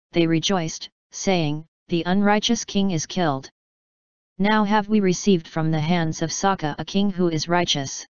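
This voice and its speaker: A woman reading an old folk tale aloud in a measured, steady storytelling style. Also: fairly low pitch, clear, resonant tone, no echo, highs cut off. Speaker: narrator. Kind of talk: scripted storybook narration.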